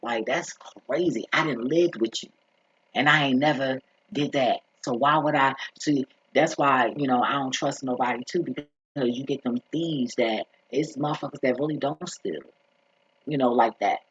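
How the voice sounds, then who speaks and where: Guy venting on his vlog, husky voice, cusses a lot, rambles, muffled lo-fi audio. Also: medium pitch, moderate pace, fairly bright tone. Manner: rambling, profane and blunt, with frequent "you feel me". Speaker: vlogger. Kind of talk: casual storytime monologue. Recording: dull lo-fi recording.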